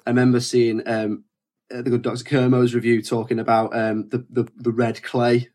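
Man, podcast host, casual film chat, hesitant, lots of ums, mid-pitched voice. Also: completely flat delivery, moderate pace, a little mellow. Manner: hesitant, many ums and restarts.

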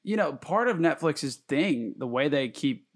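A man co-hosting a podcast, chatting casually and excitably about films and streaming, swearing freely. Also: fairly high pitch, unhurried. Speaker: podcast co-host. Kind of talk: casual chat.

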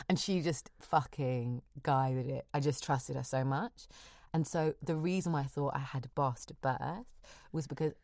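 Woman, deep creaky voice, telling a wild story, swears a lot, no room echo at all. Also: unhurried, studio quality. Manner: frank, animated storytelling with swearing. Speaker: guest telling a personal story. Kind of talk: casual chat.

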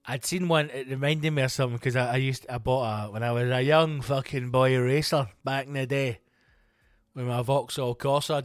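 A middle-aged Scottish man, a comedian hosting his own show, telling rambling, sweary stories in a casual, animated way. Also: medium pitch, normal speed, no echo, studio quality, faint music behind. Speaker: comedian podcast host. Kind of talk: casual comic storytelling.

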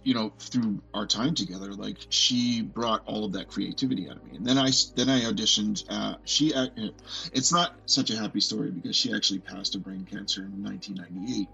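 A man in his forties telling a personal story as a podcast guest, earnest and halting, often restarting and filling with "like". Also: lowish voice, gravelly, sharp tone, dull audio, soft background music. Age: 40s.

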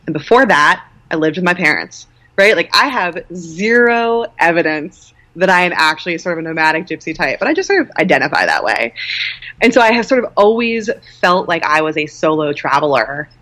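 A woman's voice: fairly low pitch, lively intonation, fairly quick, pushed and bright. A woman in her thirties, a guest co-founder, talking candidly and self-deprecatingly in a casual interview.

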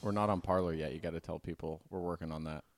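A man's voice: low voice, fairly even intonation, fast talker, loud music behind the voice. A man co-hosting a comedy podcast, joking and riffing through the chat. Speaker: podcast co-host.

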